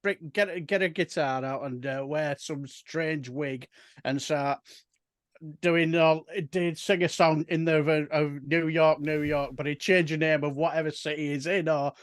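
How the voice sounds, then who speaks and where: A man in casual chat, enthusiastic and halting, restarting his sentences. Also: a little high, steady tone, no echo, studio quality.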